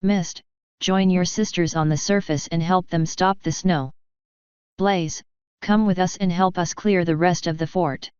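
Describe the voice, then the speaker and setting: Blunt foul-mouthed swordswoman, read by a woman, low clear voice, dry sound. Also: steady tone, unhurried, darkish tone, dry recording, highs cut off, lightly acted. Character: blunt crude young swordswoman.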